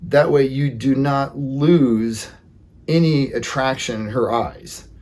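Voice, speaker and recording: A man with a husky, slightly breathy voice of middle pitch gives casual dating advice straight to his viewers. He talks in an earnest, plain-spoken way, often filling gaps with "you know.". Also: steady tone, slow pace, darkish tone.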